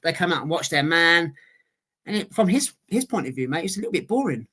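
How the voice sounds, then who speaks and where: A man co-hosting a casual boxing podcast, chatty and halting, often repeating words as he talks. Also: on the high side, sing-song, bright, forceful tone, breathy edge. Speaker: podcast co-host.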